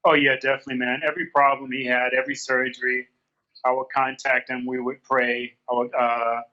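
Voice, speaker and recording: A man joins a casual interview by remote call from his garage, retelling phone conversations complete with quoted back-and-forth lines. His mid-range voice is level and fairly quick, and the call audio sounds dull and lo-fi.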